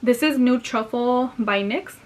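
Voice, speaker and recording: A woman's voice: fairly high pitch, a little slow. A young woman chatting casually at home while doing her makeup, rambling and mixing Spanish words into her English. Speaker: vlogger. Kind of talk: casual get-ready-with-me chat.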